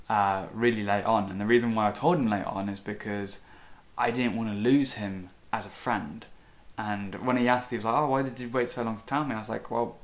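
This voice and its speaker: Earnest man chatting in a reaction vlog. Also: fairly low pitch. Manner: earnest and reflective, loose with fillers. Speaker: reaction video host. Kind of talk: casual reaction commentary.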